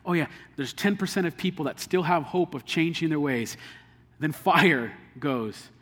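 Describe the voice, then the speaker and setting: A man's voice: fairly high pitch, lively intonation, normal speed, fairly bright tone. Earnest male pastor in a reverberant hall. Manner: earnest, conversational preaching with everyday illustrations. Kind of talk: sermon.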